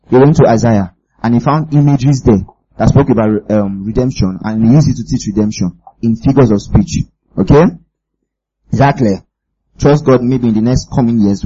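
A man's voice: medium pitch, moderate pace, warm tone, slightly rough, muffled recording. A man preaching a sermon with emphasis, often asking his listeners whether they follow.

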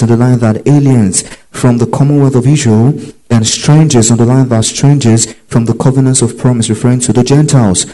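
A man's voice: mid-range voice, warm tone, poor audio. A man teaching from the Bible, reading verses aloud and telling listeners to underline key phrases. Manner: reads scripture aloud, repeats "underline that". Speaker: preacher.

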